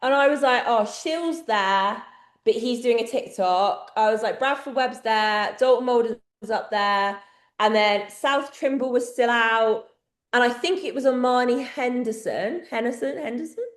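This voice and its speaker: An English woman co-hosts a podcast, telling stories in casual chat and laughing often. Her voice is on the high side and unhurried, with a reverberant sound.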